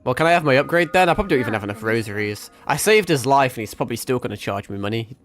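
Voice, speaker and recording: Racing and expressive, this medium-pitched voice comes from a twenty-something gamer on a live stream, rambling casually with lots of profanity and self-mockery. Faint music plays in the background.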